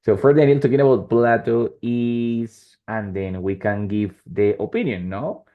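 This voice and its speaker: A man teaching an online English lesson, explaining slowly and often checking in with "right?" and "yes?". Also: lowish voice. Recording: dull lo-fi call audio.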